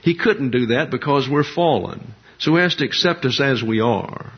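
A man preaching a doctrinal sermon in a measured, emphatic way, listing terms one by one. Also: medium pitch, expressive, breathy edge. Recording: dull lo-fi sound.

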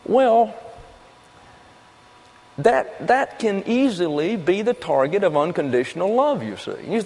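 In a hall with a long, lingering reverb, a pastor gives a folksy sermon in which he raises rhetorical questions and answers them himself. He speaks a little slowly, pausing often, with big pitch swings. His voice is darkish and somewhat higher than most men's.

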